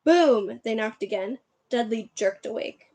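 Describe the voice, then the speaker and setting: A woman reading a children's book aloud on a livestream, expressive and chatty between chapters. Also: a little high, normal speed. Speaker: reader.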